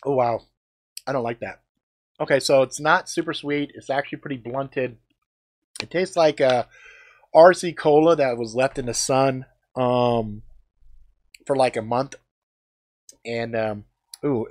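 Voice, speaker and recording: Male streamer, mid pitch, loose and rambling, swears freely, bursts out loud over sour snacks. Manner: rambling, profane, lots of fillers; loud exclamations while tasting snacks. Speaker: live streamer. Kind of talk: casual live-stream chat.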